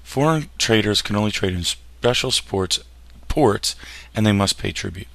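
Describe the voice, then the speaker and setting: A man's voice: lowish voice, lively intonation, moderate pace, gravelly, a bit bright, dry recording. A man teaching a history lesson over slides, casual and jokey, often tripping over words and restarting them. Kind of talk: classroom lecture over slides.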